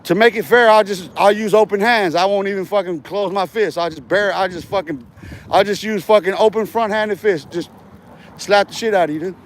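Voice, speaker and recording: A man's voice: high voice, a little fast, slight background noise. A man livestreaming a confrontational, aggressive and profane rant from outdoors by a street on a handheld phone. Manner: aggressive, profane trash talk.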